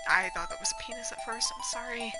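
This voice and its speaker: A woman streaming a game, joking and swearing in casual commentary over loud game music. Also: a little high, fast. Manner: playful, irreverent, swears.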